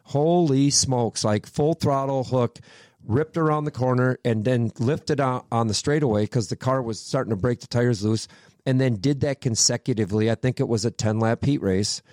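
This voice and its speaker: Animated male racer telling stories, dry studio. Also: mid-range voice, normal speed, dry recording. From Minnesota, USA. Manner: animated storyteller, swears freely. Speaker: sprint car driver, podcast guest. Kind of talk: casual storytelling chat.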